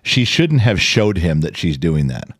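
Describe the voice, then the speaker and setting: A man in his forties co-hosting a podcast, telling family stories in a blunt, profane, animated way. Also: low voice, a little slow, no room sound, studio quality. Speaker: podcast co-host. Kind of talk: casual chat.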